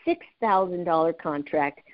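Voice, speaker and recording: A woman in her fifties, a sales and speaking trainer, telling stories with lively energy and frequent laughter in an interview. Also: lowish voice, moderate pace. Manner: lively, laughs often, acts out dialogue. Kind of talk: animated storytelling in an interview. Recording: dull lo-fi audio.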